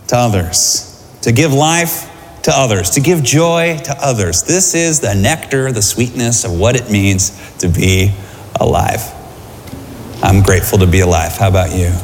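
A man preaching a sermon to a congregation, lively and conversational, often asking them questions. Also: medium pitch, normal speed, a little hiss or hum. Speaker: pastor. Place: large church hall. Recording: hall reverb, faint room ambience.

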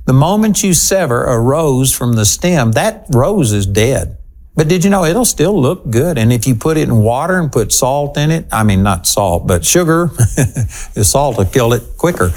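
A man preaching a sermon, emphatic and animated, slowing down to stress key words and acting out the lines he quotes. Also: mid-range voice. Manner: animated, acts out quoted lines with shifting inflection.

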